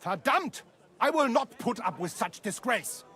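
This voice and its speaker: An actor playing a proud, hot-tempered German sword master in a video game, speaking English with a German accent and German words mixed in. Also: male voice, extremely high pitch, big pitch swings, a little slow, pushed and bright, slightly rough, heavily acted. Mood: defiant.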